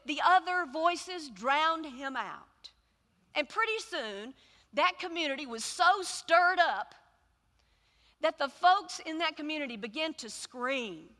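High, bright-voiced woman preaching slowly. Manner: dramatic, emphatic storytelling with slow repeated phrases. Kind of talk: sermon. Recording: echoey hall reverb.

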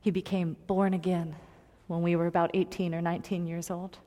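A woman preaching a personal story in a sermon, earnest and confiding, moving between loud emphasis and hushed tones. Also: lowish voice, level tone, fairly quick. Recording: long hall reverb.

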